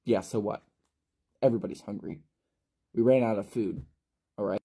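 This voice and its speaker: A man's voice: on the low side, normal speed, gravelly, warm tone, slightly rough. A man voicing a panicky, irritable teenage boy who stammers and snaps, in a storytelling recap. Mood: agitated. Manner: agitated, jittery, stammering.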